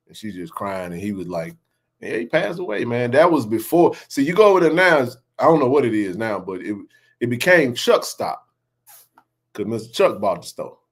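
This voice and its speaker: Laughing, animated man telling stories. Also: medium pitch. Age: 40s. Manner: laughing, animated storyteller with slang. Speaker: sports podcast host. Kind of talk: casual storytelling chat.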